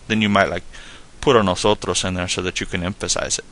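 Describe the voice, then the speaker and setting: A man teaching a casual spoken lesson, explaining in a relaxed, rambling way full of "like" and "you know.". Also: sits low, very fast, hardly any pauses. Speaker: Spanish tutor.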